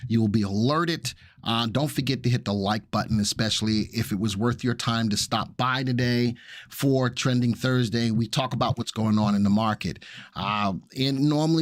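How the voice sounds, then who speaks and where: A man's voice: medium pitch, dry recording, clean studio sound. A man, hosting a casual stock-market live stream in an upbeat, jokey way and greeting viewers. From Brooklyn, New York. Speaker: livestream host of stock analysis show.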